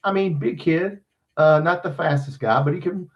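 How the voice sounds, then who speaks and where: A man's voice: fairly high pitch, moderate pace, muffled recording. A man hosting a casual sports podcast, rambling and joking with profanity. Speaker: podcast host.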